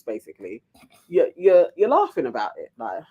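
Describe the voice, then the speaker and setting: A British woman co-hosting a casual TV recap chat, animated and quick to mimic people in mocking voices. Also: lowish voice, highs cut off. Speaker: co-host.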